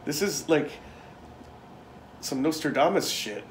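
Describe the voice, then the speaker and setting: A man's voice: a little high, lively intonation, slow pace, a little hiss or hum. A man chatting casually with his brother, with dry and crude jokes, also reading aloud from a card. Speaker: co-host, host's brother. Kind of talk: casual chat. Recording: echoey room.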